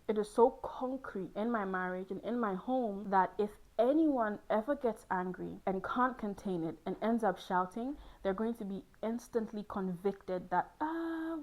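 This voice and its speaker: On a hot seat, a young woman host talks candidly and playfully about love and relationships, laughing a lot. Her voice is medium in pitch with a darkish tone, and the recording quality is low.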